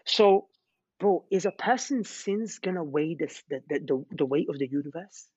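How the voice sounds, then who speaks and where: A man telling religious stories in an animated, slangy way, repeating words as he goes. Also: fairly high pitch, moderate pace, slightly rough, dry recording. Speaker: Islamic preacher. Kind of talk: storytelling religious talk. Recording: dull, lo-fi sound.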